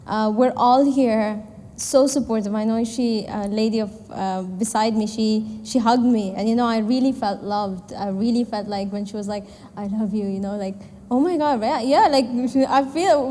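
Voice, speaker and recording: A young woman in her twenties gives a candid, rambling talk to an audience, full of fillers and acted-out conversations. Her voice sits a little high. The sound rings with the long reverb of a large hall. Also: darkish tone. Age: 20s. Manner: candid, chatty, many fillers, acts out quoted dialogue. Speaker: startup founder and event speaker. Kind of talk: personal story speech to an audience. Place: event hall.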